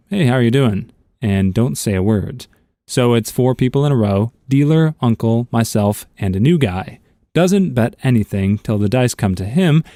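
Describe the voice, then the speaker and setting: Male narrator, mellow dark voice, dry close sound, steady story reading. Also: medium pitch, no echo. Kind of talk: scripted narration.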